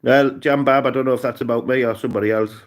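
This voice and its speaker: A man's voice: mid-range voice, fairly even intonation, fast. A man with a Cumbrian accent chatting casually and rambling on a live stream, often calling people "mate". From Cumbria, England. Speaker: livestreamer.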